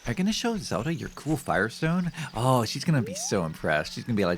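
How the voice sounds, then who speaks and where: A man's voice: medium pitch, quick pace, a crowd in the background. A man streaming gameplay live, chatting casually with his viewers in a joking, self-mocking way. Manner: animated, joking, talks to chat.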